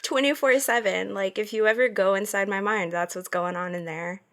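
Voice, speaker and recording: A woman's voice: medium pitch, steady tone, moderate pace, a bit bright. A woman guest on a podcast, chatting casually and laughing a lot, guessing with many fillers. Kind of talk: casual chat.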